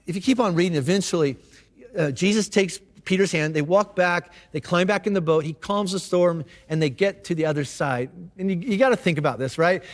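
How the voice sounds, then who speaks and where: A man preaching a casual sermon, telling the story in a relaxed, chatty way with slang and repeated words. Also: high-pitched, big-room sound. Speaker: pastor. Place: church auditorium.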